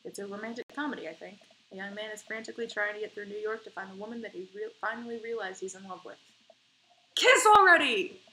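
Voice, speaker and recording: Brief: a woman gamer reading aloud and reacting loudly, swearing, a mid-range voice over faint hiss. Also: mid-range voice, very fast, rough recording. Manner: animated, swears freely, indignant outbursts. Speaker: gamer playing a dating game. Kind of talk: let's play commentary and reading aloud.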